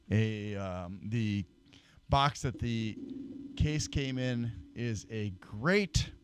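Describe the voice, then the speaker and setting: A man's voice: medium pitch, darkish tone. A man hosting a casual PC building tutorial, rambling with fillers, self-corrections and dry self-deprecating asides, recorded on a desk microphone that he sometimes leans away from. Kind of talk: casual how-to demonstration. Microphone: desk microphone, moving closer and farther. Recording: dry close-mic, voice fades when he leans away.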